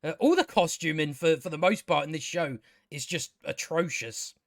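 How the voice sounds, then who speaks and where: A man's voice: on the high side, expressive, moderate pace, dry recording, studio quality. A man hosting a casual spoken TV review, sarcastic and exasperated, swearing freely and restarting his sentences. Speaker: TV review channel host.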